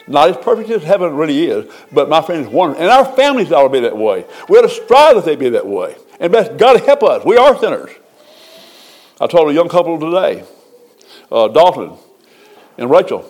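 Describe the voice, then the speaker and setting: Folksy preaching man, slightly high voice. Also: a little mellow. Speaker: pastor. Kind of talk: sermon.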